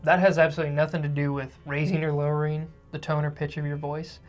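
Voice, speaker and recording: A man co-hosting a podcast in casual chat, who calls himself a fast talker. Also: on the high side, little pitch movement, soft background music. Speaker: podcast co-host.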